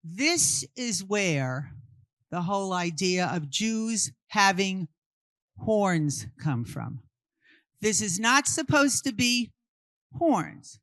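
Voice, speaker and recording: A woman's voice: medium pitch, very animated, extremely slow, fairly bright tone, dry recording. A woman from Brooklyn, giving an interactive art history talk and firing questions at her audience before answering them. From Brooklyn, New York. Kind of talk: interactive talk to a live group.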